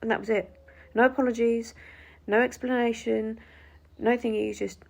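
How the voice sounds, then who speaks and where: Gravelly woman telling an indignant story. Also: a little high, flat delivery, moderate pace. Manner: indignant, swears freely, acts out quotes. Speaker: vlogger. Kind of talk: casual storytelling to camera.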